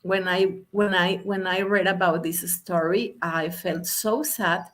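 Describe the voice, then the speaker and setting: A woman's voice: on the low side, fairly even intonation, a little slow, fairly bright tone, slight background noise. A woman from Mexico giving a motivational talk as a guest speaker. She tells a story with emphasis, repeating words and asking the audience questions. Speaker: guest speaker, English language specialist.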